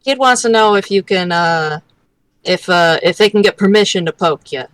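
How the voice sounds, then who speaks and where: A woman's voice: medium pitch, moderate pace, no echo, rough recording. A woman playing a tabletop game, wry and a bit bossy as she scolds a fellow player's character. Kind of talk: casual tabletop play.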